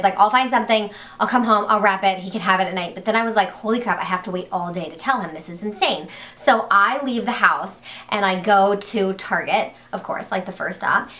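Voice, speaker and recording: A young woman talks straight to her viewers in a casual vlog. She tells the story in a loose, rambling way, full of "like" and false starts, and her voice jumps up with excitement. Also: medium pitch. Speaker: vlogger.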